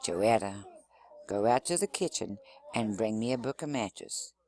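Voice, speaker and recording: A man's voice: expressive, darkish tone. A man voicing a hissing, furious mother. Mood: cold fury. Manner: slow, low, clipped commands. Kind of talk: reading a novel aloud.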